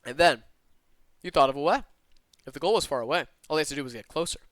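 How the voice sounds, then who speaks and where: Lively streamer with a slight Southern twang. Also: male voice, a little high, no echo. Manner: animated and expressive, with quick asides to chat. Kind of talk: reading a visual novel aloud with live asides. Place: alone in his own room.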